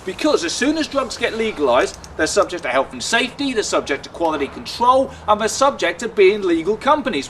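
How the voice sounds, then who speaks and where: A young stand-up comedian from Luton, England, with a southern English accent performs his routine in a high, chatty, slightly bright voice. His delivery is sardonic, dragging out the punchlines. He was recorded outdoors in a city, with faint ambience and traffic hum behind him.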